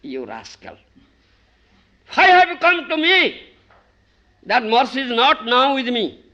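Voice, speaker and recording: A man's voice: very high-pitched, huge pitch swings, slow, pushed and bright, muffled recording, pitched above the performer's own voice, exaggerated voice. A man voicing a stern male deity who rebukes a petitioner in a raised, insistent tone. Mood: scolding.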